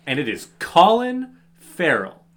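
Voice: medium pitch, huge pitch swings, slow, a bit bright. A podcast co-host recapping a movie in incredulous, swearing casual chat.

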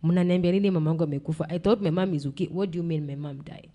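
A woman's voice: on the low side, steady tone, racing, warm tone. A young woman with a Kenyan accent tells a painful personal story in blunt speech that swings between English and Swahili slang, sounding close to tears. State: emotional, near tears. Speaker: podcast guest.

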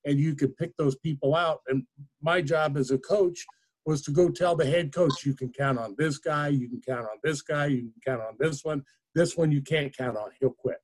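A man's voice: fairly high pitch, moderate pace. Plainspoken man, a former coach. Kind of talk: casual podcast chat.

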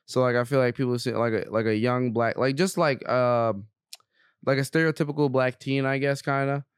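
A young man trades laid-back, slang-heavy banter as a podcast guest. His voice comes through smooth and clear. The sound is dry and close, with no room around it. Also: medium pitch, steady tone, normal speed, no echo. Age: young adult. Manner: slangy, laid-back, says bro a lot. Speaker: guest comedian.

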